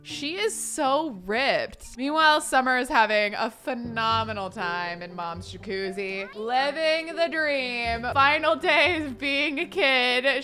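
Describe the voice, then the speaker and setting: A woman's voice: fairly high pitch, sharp tone. A young woman chatting playfully through a life simulation game as a gaming YouTuber, voicing her characters' thoughts. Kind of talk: let's-play commentary. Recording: light background music.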